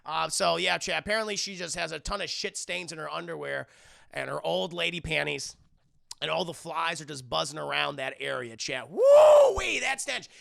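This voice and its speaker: A man streaming live, recapping a movie in a casual, animated, profane way and talking to his chat. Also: a little high, brisk, gravelly.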